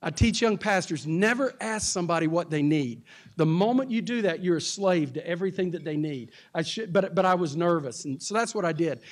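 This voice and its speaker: A man's voice: high-pitched, expressive, brisk. A man from Texas, a pastor, telling a story, laughing often and acting out the other people in it. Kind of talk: storytelling talk.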